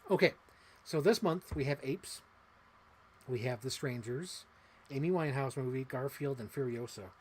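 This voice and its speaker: A man in his thirties hosting a casual livestream, rambling excitedly and swearing casually. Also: mid-range voice, moderate pace, pauses often, breathy edge. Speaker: livestream host.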